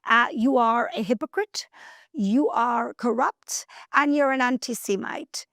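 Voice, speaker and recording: A woman hosting a news commentary show, speaking emphatically and scolding, slowing down to stress her words. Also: a little high, fairly bright tone, dry recording, studio quality. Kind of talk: opinion commentary.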